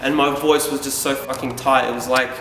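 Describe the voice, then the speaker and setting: A man's voice: medium pitch, flat delivery, a little fast, fairly bright tone, a little hiss or hum. A man from Yugoslavia telling a personal story to a live audience, speaking candidly and casually with self-deprecating asides. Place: event hall. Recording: echoey hall from far off.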